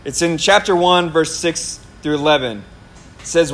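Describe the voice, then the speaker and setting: A male pastor with a slightly high voice preaches a sermon at a normal pace, recounting a personal story. He's animated, laughing at himself and acting out things he once said.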